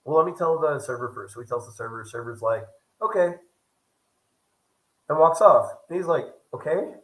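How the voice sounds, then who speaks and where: A man's voice: on the high side, normal speed, rough recording. A young man vlogging casually, telling a story and acting out the other people's lines as he goes. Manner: animated, acts out quoted dialogue. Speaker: travel vlogger.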